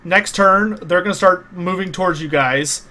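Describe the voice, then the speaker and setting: Higher-voiced man running a tabletop game. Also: moderate pace, sharp tone. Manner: explains rules patiently, with frequent uh fillers. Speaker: game master.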